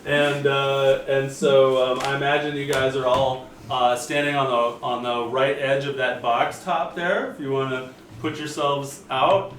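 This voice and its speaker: A man running a tabletop game as its game master, narrating casually and halting with fillers. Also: medium pitch, steady tone, a bit bright, a little hiss or hum. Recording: roomy, distant home recording.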